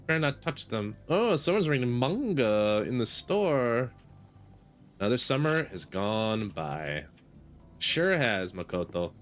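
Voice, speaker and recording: Guy chatting over a game, playful, fake-grumpy, voice jumps around, soft music under it. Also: mid-range voice, big pitch swings, measured pace. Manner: playful, mock-grumpy, laughs often. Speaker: gaming video creator. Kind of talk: casual gameplay commentary.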